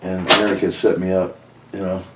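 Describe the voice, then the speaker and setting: Guesting on a candid storytelling interview, a former pro wrestler speaks in a low, level voice at moderate speed, bluntly and profanely, acting out old arguments as quoted dialogue. The very noisy recording comes from an echoey room with a coffee maker, picked up by a far-off mic.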